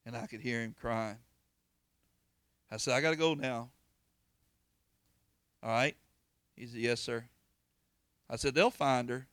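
A man's voice: medium pitch, measured pace, pauses often, a bit bright, no room sound. A man, preaching in a folksy, earnest way and telling a personal story. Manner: folksy, earnest, repeats words and restarts. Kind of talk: informal storytelling sermon.

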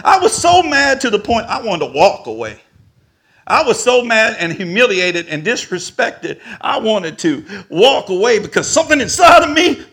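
A man preaching a storytelling sermon, animated and rising to shouts at the peaks. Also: sits high, gravelly.

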